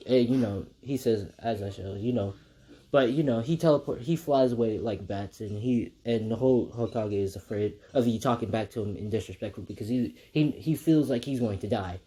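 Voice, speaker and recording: A man's voice: mid-range voice, moderate pace, dark tone. A man casually retelling a fan story, rambling with many fillers and restarts.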